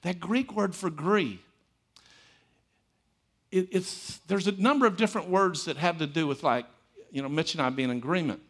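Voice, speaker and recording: Pastor preaching with a slightly high voice. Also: male voice, moderate pace, pauses often. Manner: swings between loud emphatic lines and quiet asides; storytelling, repeats phrases for emphasis. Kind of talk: sermon.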